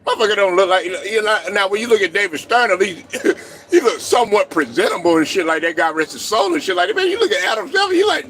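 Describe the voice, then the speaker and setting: Guy ranting about basketball, AAVE, high voice that swings all over, laughing and cussing. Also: fast talker. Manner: animated, laughs a lot, swears constantly, rants. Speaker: sports show host. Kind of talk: profane sports commentary monologue.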